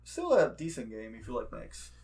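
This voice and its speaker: A man co-hosting a casual gaming podcast, relaxed and quick to laugh, who grew up outside the United States. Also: mid-range voice, gravelly. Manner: laid-back, laughs often, repeats jokes. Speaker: podcast co-host. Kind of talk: casual chat.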